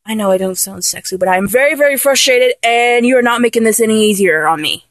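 A woman's voice: fairly high pitch, quick pace, no room sound, close to an everyday voice. A woman playing a flustered young lover who keeps trying and failing to act dominant, in a comedic audio role-play, talking in an exasperated, self-correcting way.

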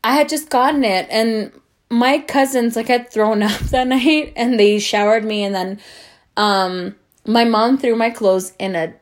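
Animated young woman telling a story. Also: a little high, unhurried. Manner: animated, swearing, acts out quoted voices. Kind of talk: casual storytelling.

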